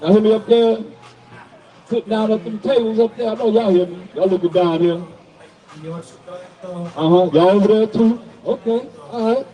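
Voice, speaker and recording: Male street preacher, fiery sermon, high mellow voice, distant mic. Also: moderate pace, pauses often. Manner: preaching to passersby, calling out to the crowd.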